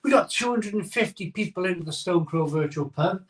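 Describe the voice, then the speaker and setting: A man's voice: sits high, expressive, brisk. A middle-aged man hosting a casual live stream from his conservatory, chatting and reading out viewer comments in a jokey, sleepy way. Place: home conservatory. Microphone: phone camera.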